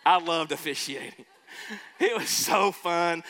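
Preacher guy, slow and emphatic, bright voice, big echoey hall. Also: a little high. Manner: emphatic preaching, slows and rises on key words. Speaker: pastor. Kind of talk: sermon. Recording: hall reverb.

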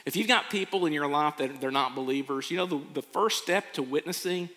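A man preaches in an earnest, storytelling way, now and then acting out how people react. His voice sits a little high and sounds bright and forceful. A long reverb trails each phrase, like a big church hall. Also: fairly quick. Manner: earnest, acts out quoted reactions. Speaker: pastor. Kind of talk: sermon.

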